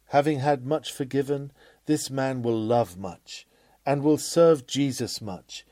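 A man preaching a fervent sermon, rising to loud cries and dropping to quiet asides. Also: mid-range voice, slow, dry recording.

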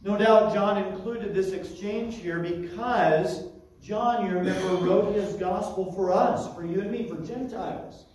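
A man's voice: high voice, unhurried, darkish tone, heavy reverb, distant mic, low-quality recording. A man preaching an expository sermon, teaching through a Bible passage with frequent asides.

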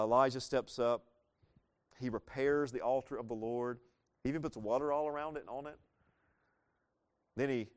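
A man preaching a sermon, explaining a Bible story in a conversational way with playful asides and reading scripture slowly. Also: mid-range voice, smooth.

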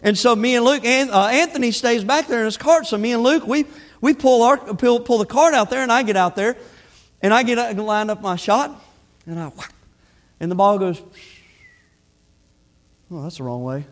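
A man's voice: very high voice, brisk. A middle-aged man, preaching a sermon that opens with a folksy personal story. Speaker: pastor.

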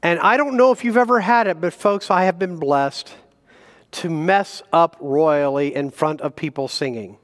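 Preaching man, slightly high voice, reverberant hall. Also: moderate pace. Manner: animated preaching with self-deprecating humor and chuckles. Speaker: guest pastor. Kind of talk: sermon. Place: church sanctuary.

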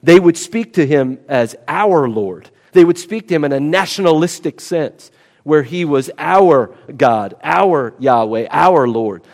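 A man delivers an expository sermon, emphatic and teaching, often repeating key words for weight. His voice is on the high side, expressive, unhurried, and a little mellow, echoing in a long hall reverb.

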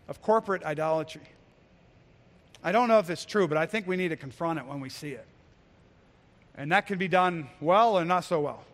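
A high-pitched man delivers a pastor's sermon with earnest, insistent repetition. His voice rings out with a long reverb trailing each phrase, as in a church sanctuary. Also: fairly quick, pauses often. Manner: earnest preaching, rising to emphatic exhortation.

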